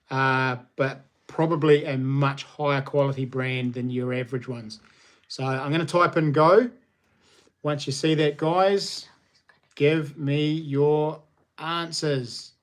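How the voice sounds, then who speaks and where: Chatty New Zealand man hosting a stream. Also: a little high. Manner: upbeat and chatty, calls viewers legends. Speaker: livestream host. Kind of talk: casual livestream chat. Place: small lounge nook at home.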